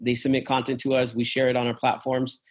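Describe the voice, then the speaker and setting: A man's voice: mid-range voice, completely flat delivery, fast. This is a man chatting about his business in an easy, offhand way. He restarts his sentences often and fills the gaps with "um", "you know" and "man". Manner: rambling, many fillers and restarts; uses "man" and "dude" often. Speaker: travel business owner. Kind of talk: casual business conversation.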